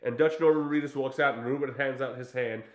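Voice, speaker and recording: A man's voice: medium pitch, quick pace, echoey room. A man casually recapping a film in chat, telling it with energy and acting out the lines he quotes. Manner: animated storytelling with acted-out quotes, swears freely. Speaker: podcast co-host recapping a film.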